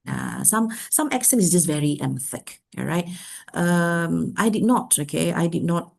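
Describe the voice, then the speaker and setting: A middle-aged woman with a Malaysian English accent, giving a workshop lecture in a lively way and filling her talk with "okay". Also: lowish voice, a little slow, gravelly. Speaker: workshop speaker.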